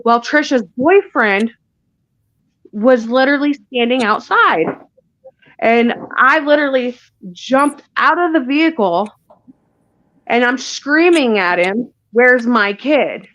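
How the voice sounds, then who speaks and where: A woman's voice: high voice, lively intonation, slow pace, pauses often, a bit bright, dry recording, muffled recording. A woman, a guest in an interview, recounting a painful personal story in a rush, with restarts and asides. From Indiana. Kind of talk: emotional personal account.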